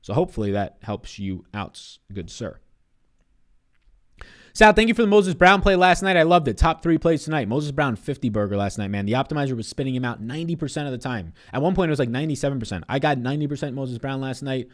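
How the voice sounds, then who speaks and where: A man's voice: medium pitch, expressive, fast talker. A man in his twenties on a casual live stream, giving fantasy basketball picks and answering chat in a loose, profane way. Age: 20s.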